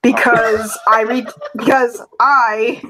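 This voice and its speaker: A woman's voice: on the high side, fairly even intonation, slow, sharp tone, poor audio. A woman hosting an online chat, recounting an argument and reading out quoted posts with dry sarcasm. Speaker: host. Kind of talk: casual chat.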